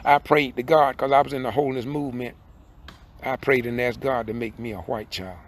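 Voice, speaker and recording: A man's voice: mid-range voice, fairly even intonation, brisk. Fiery older man preaching. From southern Georgia, USA. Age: 60s. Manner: fiery, preacherly, repeats points, rises to emphatic peaks. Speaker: independent video commentator. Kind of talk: impassioned preaching monologue. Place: in a car while driving.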